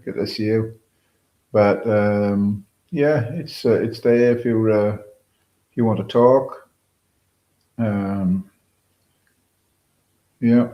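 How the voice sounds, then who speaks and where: A man's voice: fairly low pitch, lo-fi sound. A British man hosting a casual live stream, greeting viewers by name and rambling with many fillers. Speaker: livestream host. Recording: roomy echo.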